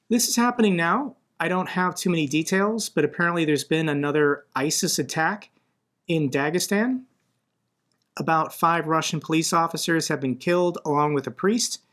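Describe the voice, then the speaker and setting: A man's voice: fairly high pitch, fairly bright tone. A man from the United States giving blunt, conversational commentary on the news, growing more indignant as he argues. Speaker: political commentator. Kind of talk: casual commentary video.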